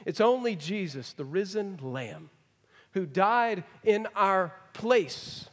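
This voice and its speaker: A middle-aged man preaching a folksy sermon, swinging from emphatic to hushed. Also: a little high. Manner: folksy, rising to emphatic then dropping to hushed. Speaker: pastor. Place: large church hall. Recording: long hall reverb. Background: congregation.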